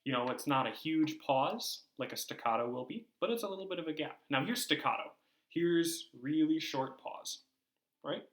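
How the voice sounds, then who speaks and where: A man's voice: a little high, fairly quick, hardly any pauses, fairly bright tone. A man teaching a video lesson to young orchestra students, talking in a friendly, conversational way with fillers and small restarts. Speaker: music teacher.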